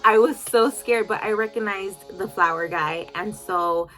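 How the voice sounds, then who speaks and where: A woman's voice: mid-range voice, measured pace, pushed and bright, soft background music. A woman telling an emotional storytime vlog to her followers in a chatty, filler-heavy way. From United States.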